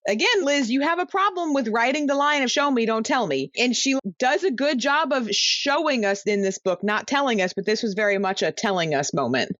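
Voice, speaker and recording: Book club co-host, woman, lively swinging pitch, dull muffled recording. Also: no echo. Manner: short agreeing replies and quick quips. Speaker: podcast co-host. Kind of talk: casual book club chat.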